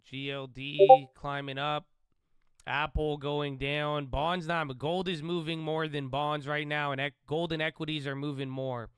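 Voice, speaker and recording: A man's voice: a little high, level tone, a little slow, clean tone, no echo. A man hosting a live trading stream, giving loose, chatty market commentary and calling listeners bro. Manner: says he tends to sound loud and yelling.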